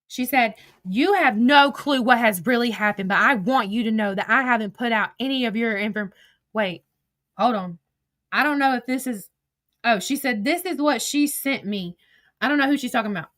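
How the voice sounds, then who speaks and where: This is a high-pitched woman in casual storytelling mode, reading back old text conversations. She talks bluntly and swears freely, with wry asides between the messages. Her voice sits in a dry, close setting with no room echo. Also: moderate pace, a bit bright. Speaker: commentator recounting drama.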